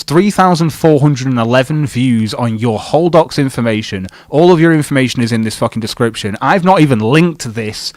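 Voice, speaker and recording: A man hosts a livestream, talking fast and loose, swearing freely and mocking the person he is discussing. His voice sits at an ordinary pitch. The sound is dry and close, with no room around it. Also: no echo. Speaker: livestream host. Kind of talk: profane casual livestream chat.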